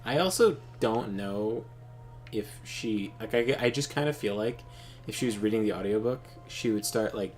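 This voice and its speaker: A man's voice: on the low side, expressive, moderate pace, darkish tone, faint music behind. A man chatting casually while playing a game, rambling with frequent restarts and laughter. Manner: rambling, lots of fillers and restarts, laughs often. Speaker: let's play host. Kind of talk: casual chat over gameplay.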